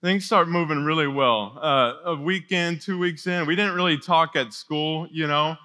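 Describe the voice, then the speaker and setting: A young man leading a youth ministry, telling a personal story to teenagers in an energetic, chatty sermon. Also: fairly high pitch, moderate pace. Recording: long hall reverb.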